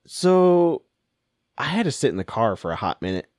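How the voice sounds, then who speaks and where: A man's voice: mid-range voice, very animated, normal speed, darkish tone, no echo, studio quality. A man casually telling a funny story, laughing often and acting out what people said. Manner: laughing storyteller, acts out quotes. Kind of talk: casual chat.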